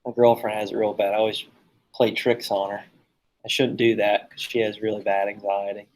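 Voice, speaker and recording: A man's voice: lowish voice, little pitch movement, fairly quick, a little mellow, low-quality recording. Joking, chatty man teaching a class. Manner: joking, chatty, teasing students. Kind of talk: casual classroom lecture with stories.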